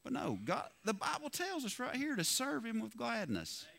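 A man's voice: very high-pitched, moderate pace, creaky. Folksy preacher man. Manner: folksy, lively preaching with rhetorical questions. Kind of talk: sermon. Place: church.

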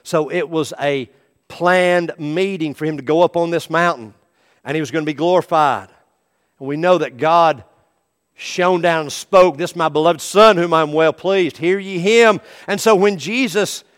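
A middle-aged man preaching a sermon as pastor, animated, acting out the people in his stories. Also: fairly high pitch, normal speed. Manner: animated preaching, acts out quoted voices.

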